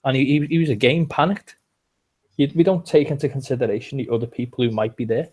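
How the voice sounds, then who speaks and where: He talks fast in a mid-range voice that's darkish and a bit rough, carrying a Liverpool accent from England. As a podcast co-host in a relaxed chat, he tells rambling stories and restarts them again and again.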